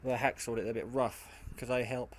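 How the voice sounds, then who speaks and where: A man's voice: medium pitch, little pitch movement, a little fast. Tired rambling man talking while he builds. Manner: rambling, chatty, many fillers and restarts. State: tired, half asleep. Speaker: hobbyist maker. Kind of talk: casual build vlog. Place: indoor workshop at home. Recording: faint background noise and clicks.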